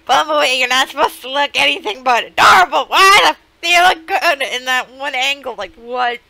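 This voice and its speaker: A woman hosting a reaction video, talking in loud, profane, laughing outbursts. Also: high-pitched, moderate pace, gravelly, poor audio. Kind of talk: casual reaction commentary.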